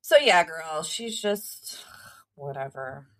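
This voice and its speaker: A woman's voice: low-pitched, lively intonation, takes it slowly. A woman co-hosting a casual podcast who talks bluntly, teases her co-host and laughs easily. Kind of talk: casual chat.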